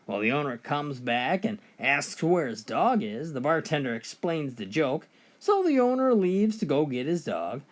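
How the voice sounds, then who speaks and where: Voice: mid-range voice, big pitch swings, unhurried. A joke teller reading out a run of short funny stories, switching briefly into voices for the characters.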